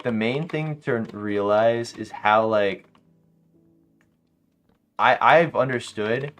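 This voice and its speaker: A young man streaming a game late at night, chatting casually to his viewers and telling animated, slangy stories. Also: lowish voice. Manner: animated storytelling, slangy, laughs often. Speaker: live streamer. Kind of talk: casual livestream chat while gaming.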